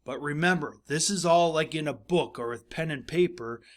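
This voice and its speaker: A man's voice: on the high side, moderate pace. A male teacher giving a recorded grammar lesson, explaining patiently, repeating his points and reading example sentences aloud.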